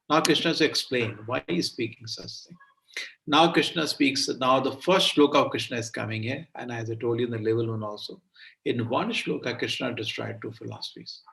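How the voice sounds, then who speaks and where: A man teaches an online scripture class, chanting verses and then explaining them. His voice is gravelly, and he sits a little way back from the mic. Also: medium pitch, distant mic, rough recording. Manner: animated, explains with questions to students.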